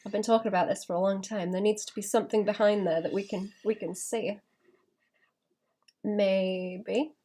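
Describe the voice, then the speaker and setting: A woman streams herself drawing and chats casually, thinking aloud with small laughs and restarts. Her voice is medium-pitched and dark in tone, steady, at a moderate pace.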